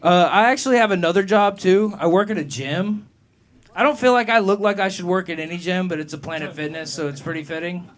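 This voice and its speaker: At a comedy club open mic, a young male stand-up rambles through a profane set in a high-pitched, brisk voice, laughing at his own jokes. When a heckler interrupts, he gets loud and heated in response.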